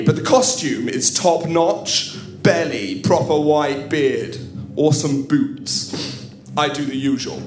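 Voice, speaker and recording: A man performs a comic story before a live audience in an echoing room. His voice sits a little high for a man. He delivers it wryly and theatrically, breaking off to talk straight to the crowd. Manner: wry, theatrical, with asides to the audience. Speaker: comedian storyteller. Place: live comedy venue. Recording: echoey room at a live show.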